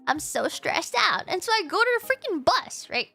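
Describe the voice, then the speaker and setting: A young woman streamer telling a story casually, animated and exclaiming as she acts out her own reactions. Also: very high voice, moderate pace, creaky, soft background music.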